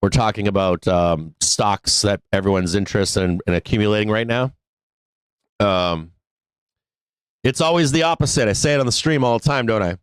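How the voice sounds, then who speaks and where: A man with a lowish voice hosts a live stock market stream in a loose, rambling way. He swears freely and laughs as he talks. The sound is dry and close, with no room behind it. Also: moderate pace, clear, resonant tone, no room sound. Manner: rambling, profane, laughs often. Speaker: host of a live stock trading show. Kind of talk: casual live-stream talk.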